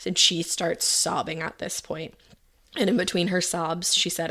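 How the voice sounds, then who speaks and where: A woman's voice: on the low side, flat delivery, unhurried, creaky, bright, forceful tone. A woman podcast host retelling events in a casual, chatty way, full of fillers and quoted lines. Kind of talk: casual true-crime storytelling.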